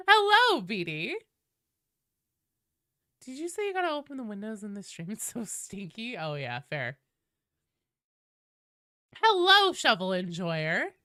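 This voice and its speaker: A woman streaming live while sick with a cold, chatting casually and shouting loud, profane greetings to her viewers. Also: mid-range voice, big pitch swings, normal speed, long pauses, dry recording, studio quality.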